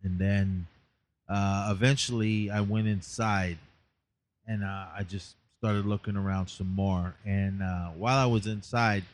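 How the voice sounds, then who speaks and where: A man with a lowish voice rambles through a casual recap of his day. He sounds tired and leans on fillers as he goes. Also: fairly even intonation, unhurried. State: tired, yawning. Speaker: podcast host.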